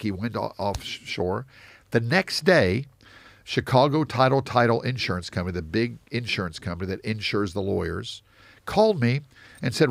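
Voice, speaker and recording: A man with a low, gravelly voice tells stories as an interview guest, acting out what people said along the way. He comes from the United States. The sound is dry and close. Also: brisk, no room sound. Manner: animated anecdotes with quoted dialogue. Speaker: real estate investor guest. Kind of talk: storytelling interview.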